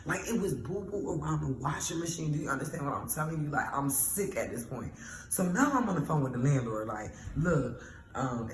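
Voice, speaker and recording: A woman telling a storytime vlog in a casual, animated, exasperated way, swearing freely. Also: low-pitched, echoey room, slight background noise, rough recording.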